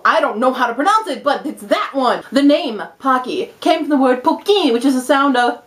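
A woman's voice: high-pitched, a little fast. Hyper, bouncy young woman vlogger. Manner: hyper, giggly and excitable. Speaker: vlogger and English teacher in Japan. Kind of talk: casual vlog. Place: indoors at home.

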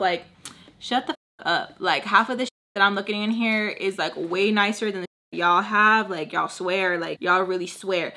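A woman's voice: mid-range voice, steady tone, moderate pace, bright, forceful tone. A young woman in her twenties telling a storytime while doing her makeup, blunt and profane, peppering her speech with Spanish and fillers. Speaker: storytime vlogger.

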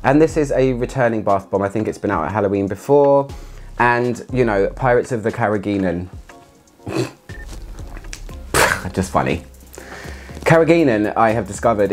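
A man chatting casually through a product review, excitable and laughing often as he talks. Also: fairly low pitch, normal speed, faint music behind. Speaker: fragrance reviewer.

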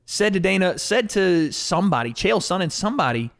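A man's voice: high-pitched, a little fast. A man co-hosting a podcast, talking casually and at length while reacting to video clips, swearing now and then. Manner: animated, talkative, swears casually.

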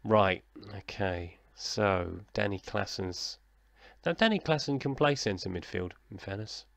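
Gravelly man commentating his game. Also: on the low side, a little slow, fairly bright tone, no echo. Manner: chatty, self-deprecating, mock commentator, talking to himself. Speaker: gaming YouTuber. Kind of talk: casual let's-play commentary.

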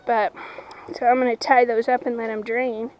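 A woman's voice: fairly high pitch, level tone, normal speed, background noise. A woman casually talking to camera outdoors at her farm, chatting about her horse and now and then speaking to her animals. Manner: chatty, talks to her animals between remarks. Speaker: horse owner vlogger. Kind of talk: casual outdoor vlog talk.

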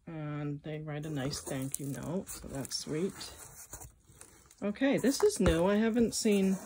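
Female vlog host, low-pitched, chatty and excitable, unboxing over loud paper rustle. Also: noisy background. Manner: chatty and excitable, exclaiming as she unpacks. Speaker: jewelry reseller and channel host. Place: indoors at a table, unboxing. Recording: clear crinkling and rustling of packing. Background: clear crinkling and rustling of packing.

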